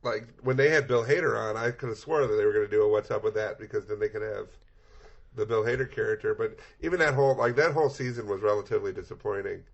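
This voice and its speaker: A man's voice: lowish voice, fast talker, vocal fry, breathy edge, dull audio. A man co-hosting a comedy podcast, laid-back and rambling, with trailing asides. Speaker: podcast co-host. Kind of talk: casual comedic chat.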